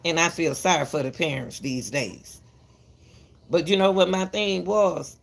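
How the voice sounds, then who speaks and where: A woman's voice: lowish voice, a little slow, gravelly. A woman giving casual commentary to the camera, emphatic and repetitive, lecturing parents and calling viewers "baby", often stumbling and restarting her words. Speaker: commentary channel host.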